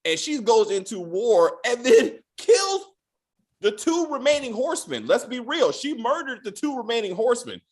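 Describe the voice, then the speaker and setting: A podcast host tears into a TV episode in a loose, profane rant. The voice sits at a middle pitch but swings widely and lively, and the host keeps slipping into quick acted-out lines from the characters. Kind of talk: casual spoiler rant.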